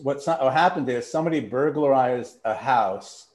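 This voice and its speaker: A man's voice: mid-range voice, moderate pace, a little mellow. A man telling long rambling anecdotes in casual conversation, acting out the people he quotes and laughing as he goes. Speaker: podcast guest, TV writer and showrunner. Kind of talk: casual storytelling chat. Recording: roomy echo.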